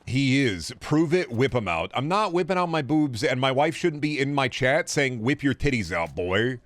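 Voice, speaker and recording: A man's voice: medium pitch, animated, normal speed, dry recording. A man streaming himself playing a game, giving casual, crude and joking commentary that rambles from thought to thought.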